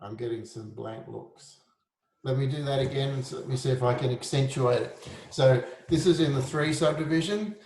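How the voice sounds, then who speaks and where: A man teaching a relaxed, informal music lesson. He explains rhythm, sings beats on "da", and jokes at his own expense. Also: medium pitch, moderate pace, roomy sound.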